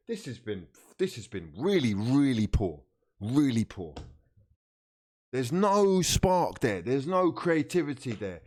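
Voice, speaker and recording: A man reacting live to a football match as a fan streamer, frustrated and swearing, with bursts of shouting at the players. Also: medium pitch, very animated, takes it slowly.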